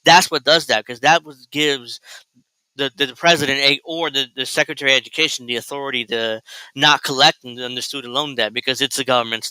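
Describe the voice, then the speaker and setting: A male host rambling through sarcastic, crude political reaction commentary. His voice is very bright and crisply clear, sitting a bit high for a man. The sound is dry and close. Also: no room sound, rough recording.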